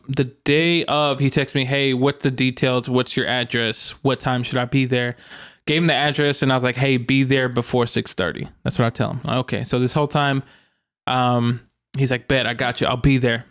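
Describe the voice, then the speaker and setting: A man's voice: medium pitch, smooth. Laid-back young man telling a funny story. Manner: animated storyteller, swears freely. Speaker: podcast co-host. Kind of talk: casual chat.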